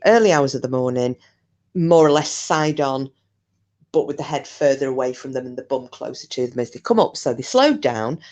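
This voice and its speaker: A woman's voice: low-pitched, darkish tone. A woman, casually telling a ghost story in a chatty, rambling way, with swearing and restarts. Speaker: channel host.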